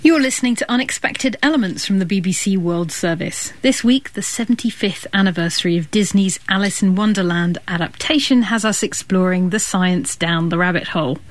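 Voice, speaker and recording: A woman's voice: medium pitch, brisk, few pauses, no room sound. A woman hosting a radio science show, introducing segments and asking curious questions. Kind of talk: radio presenting and interviewing.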